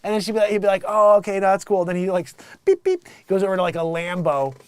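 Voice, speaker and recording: A man hosting a casual comedic commentary show, animated and mocking, slipping into quick voices for the people he describes. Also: sits high, clean tone, dry recording. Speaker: host.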